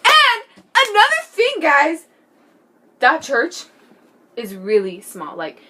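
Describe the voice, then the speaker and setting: A teenage girl telling a story in a casual vlog, excitable and giggly, full of "like" and "bro", sometimes dropping to a hushed whisper. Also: high voice, slow pace, background noise. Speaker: vlogger.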